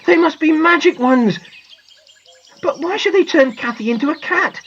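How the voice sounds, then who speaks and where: A woman's voice: deep voice, very animated, a little fast, lo-fi sound. A woman voicing an earnest, well-behaved little boy in a storybook, worried and scolding. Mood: frightened. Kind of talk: storybook reading.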